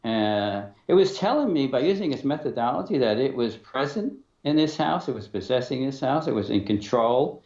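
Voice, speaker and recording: A middle-aged man, the guest in an interview, tells his story haltingly, with many fillers and restarts, and acts out the back-and-forth. His voice sits at an ordinary pitch. The sound is dull and roomy. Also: lively intonation, a little mellow. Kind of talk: telling a personal story in an interview.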